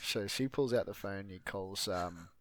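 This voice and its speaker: A man with a very low voice, loosely retelling a movie plot in relaxed podcast chat. He rambles, swears freely and leans on fillers. The sound is dry and close, with no room echo. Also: a little slow. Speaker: podcast co-host recapping a film. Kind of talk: casual chat.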